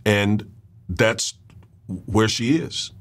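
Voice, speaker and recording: A man's voice: on the low side, very slow. A man hosting a political commentary show, talking in a loose conversational monologue, often repeating words and checking in with his listeners.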